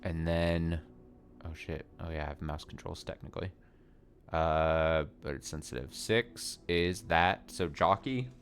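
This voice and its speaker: Deep-voiced guy streaming a puzzle game, talks it through out loud, swears a lot, mocks himself. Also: measured pace, faint music behind. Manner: thinks aloud, swears casually, self-mocking. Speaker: let's play streamer. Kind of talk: casual gameplay commentary.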